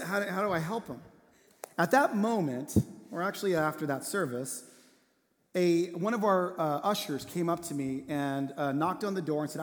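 Male pastor, earnest storytelling sermon, slightly high voice, long church-hall reverb. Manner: earnest storytelling, drops to a hushed voice for tender moments.

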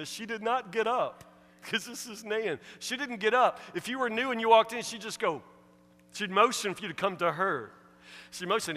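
A male pastor from a small American town preaching a storytelling sermon in a church, swinging between loud and soft. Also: high-pitched. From Woodburn, US. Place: church sanctuary. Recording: reverberant church hall, faint hum.

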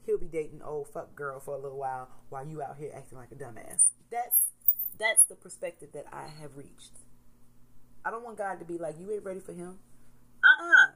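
A woman in her thirties, a mother, talking candidly to camera in a casual motivational vlog, swinging between soft reflection and loud emphasis. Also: deep voice, fairly quick, slightly rough, poor audio. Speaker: vlogger, mother.

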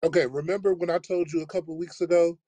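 Animated storytelling man, dry close sound. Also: fairly high pitch, fast talker, no echo. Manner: animated storyteller acting out quoted voices. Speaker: podcast host, teacher. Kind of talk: casual storytelling chat.

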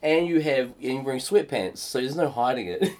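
A young man, co-hosting a casual podcast chat and telling animated stories full of laughter and put-on voices. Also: mid-range voice, brisk. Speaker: podcast co-host. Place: home studio in a shed.

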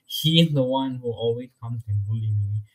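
A man's voice: mid-range voice, normal speed, rough recording. A young man telling his own story in a casual interview, chatty and full of "like" fillers, laughing often.

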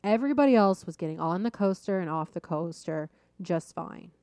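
A woman coach and podcast host telling a story in a casual, animated way and laughing at herself as she goes. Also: fairly low pitch, normal speed, no room sound.

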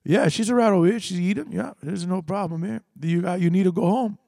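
A man voicing a tough, protective older father with broken grammar and a blunt, menacing calm. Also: medium pitch, a little fast, dry recording, clean studio sound, natural voice.

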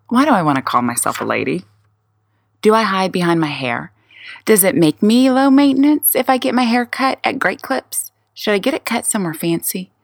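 A woman's voice: mid-range voice, gravelly, no room sound, studio quality. A woman in her forties hosting a solo podcast, firing off candid, wry rhetorical questions about herself. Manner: self-questioning, rapid-fire rhetorical questions. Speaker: podcast host.

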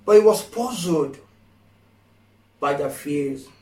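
Slow, echoey preacher with a high voice. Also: male voice, animated. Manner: rising to impassioned shouted pleas; slow, emphatic, repeats phrases. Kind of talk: sermon. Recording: echoey room from far off.

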